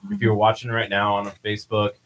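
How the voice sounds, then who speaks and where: A man's voice: on the low side, completely flat delivery, brisk, fairly bright tone, rough recording. A man in his thirties co-hosting a morning radio show, playful and laid-back. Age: 30s. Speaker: radio co-host. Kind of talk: casual radio chat. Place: radio studio.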